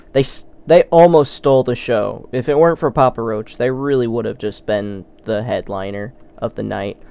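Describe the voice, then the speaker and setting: A casual gaming host talks to his viewers during let's play commentary, rambling loosely and swinging between excitement and self-mocking asides. His voice is smooth and clear, at a middling pitch.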